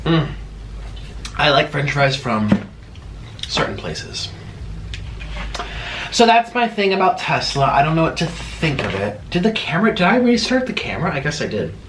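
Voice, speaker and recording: A man's voice: moderate pace, pauses often. A man hosting an eating video at home, chatting casually and rambling between bites. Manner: chatty, rambling, animated swings in pitch. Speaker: mukbang host. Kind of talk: casual chat while eating. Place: room at home. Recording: echoey room with faint background noise.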